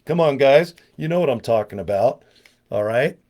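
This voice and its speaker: Older male vlogger, 60s, loose digressive delivery with wisecracks and asides, average pitch. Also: expressive, moderate pace, darkish tone. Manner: joking, digressive, self-mocking asides. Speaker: online business vlogger. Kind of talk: rambling casual monologue to camera.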